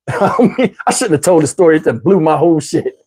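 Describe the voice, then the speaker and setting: A middle-aged man vlogger telling a story to camera in a casual, animated way, with slang, swearing and laughter. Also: fairly high pitch, moderate pace, slightly rough.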